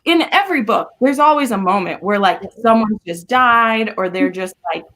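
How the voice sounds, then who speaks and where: A woman hosting a casual live book discussion over a video call, enthusiastic and quick to laugh. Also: medium pitch, animated, a bit bright. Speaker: host.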